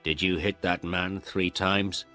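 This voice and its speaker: A man voicing a stern male policeman in a storybook, reading him low and firm. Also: flat delivery, takes it slowly, bright, forceful tone, faint music behind, heavily acted.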